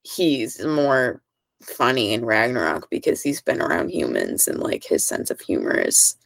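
A woman's voice: a bass voice, huge pitch swings, a little slow, gravelly, dry recording. A woman co-hosting a podcast, from California, chatting casually and filling her talk with "like.". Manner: chatty, heavy use of "like". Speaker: podcast co-host. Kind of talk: casual chat.

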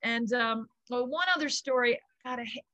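A middle-aged woman, a yoga founder, tells stories in an animated, gushing way and laughs often. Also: on the high side, normal speed, dry recording, highs cut off. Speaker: guest, kids yoga founder. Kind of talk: casual storytelling interview.

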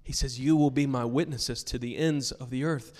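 A man's voice: medium pitch, steady tone, normal speed, darkish tone, slight background noise. Emphatic preaching man in echoing church. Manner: emphatic, earnest preaching with storytelling asides. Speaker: pastor. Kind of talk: sermon. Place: church sanctuary with a congregation.

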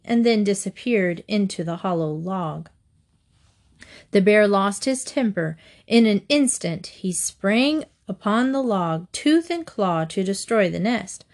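A woman reads storybook fables aloud at a middle pitch. Her delivery is clear and measured, a steady storytelling voice. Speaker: narrator.

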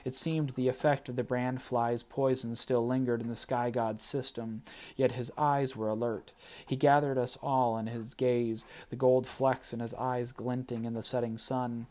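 A man narrating a first-person audiobook chapter in a steady, plain storytelling manner. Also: medium pitch, normal speed.

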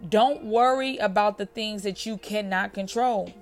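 A woman's voice: mid-range voice, measured pace, soft background music. A woman hosting a motivational podcast, telling a story in a conversational way, calling the listener friend and repeating phrases for emphasis.

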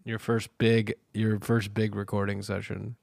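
A man's voice: lowish voice, little pitch movement, unhurried, vocal fry, darkish tone, no echo. A man in his thirties co-hosting a podcast, chatting casually, joking and laughing as he tells stories. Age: 30s. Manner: jokey, laughs often, tells stories with put-on quotes. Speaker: podcast co-host. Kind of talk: casual chat.

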